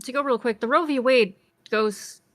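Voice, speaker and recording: A woman's voice: a little high, normal speed, fairly bright tone, no echo. A woman on a debate panel, challenging the other side with pointed questions and frequent "like" fillers.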